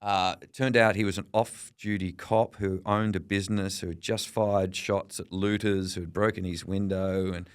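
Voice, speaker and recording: Low-pitched Australian man, middle-aged, animated storytelling, dry studio sound. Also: normal speed, hardly any pauses, smooth, no echo. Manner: lively anecdotal storyteller, quotes people in character. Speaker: veteran journalist guest. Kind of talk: storytelling interview.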